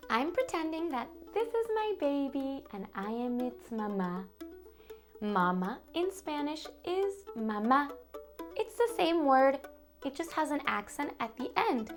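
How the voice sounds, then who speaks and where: Woman teaching toddlers, slow and sing-songy, lively high voice, music behind. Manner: slow, animated, sing-song and coaxing, addressing small children. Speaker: children's Spanish teacher host. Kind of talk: bilingual toddler lesson.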